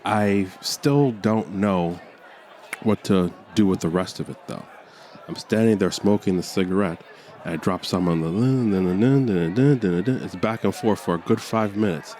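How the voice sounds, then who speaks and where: A man's voice: low voice, a little mellow. A man doing a rambling, mock-somber stand-up set, sighing between lines. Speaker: stand-up comedian. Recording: faint crowd and street noise.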